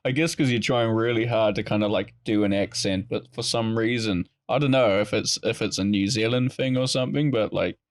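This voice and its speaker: A man's voice: fairly low pitch, fairly quick, hardly any pauses. A man co-hosting a casual podcast, bantering playfully and teasing, often stumbling over his words. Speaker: podcast co-host.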